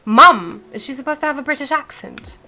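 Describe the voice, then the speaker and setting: A woman's voice: high-pitched, steady tone, fast talker, a little hiss or hum. A woman streaming a cozy game, chatting upbeat and thinking aloud as she plays. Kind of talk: casual let's-play commentary. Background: soft game music.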